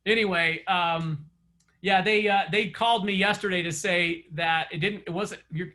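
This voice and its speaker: Speaking in a high, bright voice at a normal speed, a man runs a chatty coaching session for his group of real estate agents over an online meeting. His intonation stays fairly even while he spins stories and laughs often.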